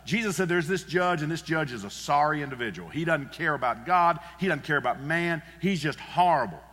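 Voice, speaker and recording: A man's voice: on the high side, expressive, brisk, fairly bright tone, long reverb tail. A male pastor preaching a sermon in a church, earnest and emphatic, repeating his key phrases. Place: church sanctuary.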